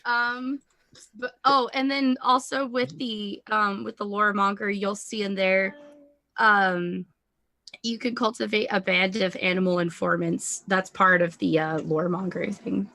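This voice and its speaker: A woman playing a tabletop game on a stream, chatty and quick to giggle. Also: mid-range voice, steady tone, creaky, bright, forceful tone, dry recording. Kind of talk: casual tabletop game chat. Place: streaming studio.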